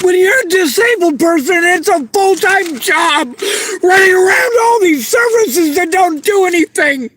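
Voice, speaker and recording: A man's voice: a little high, noisy background. A man venting to the camera, distressed and near tears, swearing often.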